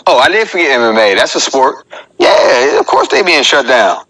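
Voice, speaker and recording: A man's voice: mid-range voice, huge pitch swings, moderate pace, bright, forceful tone, low-quality recording. A man in his thirties, a comedian hosting his own live show and joking in a chatty way as he talks straight to his viewers. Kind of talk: casual live-stream comedy monologue.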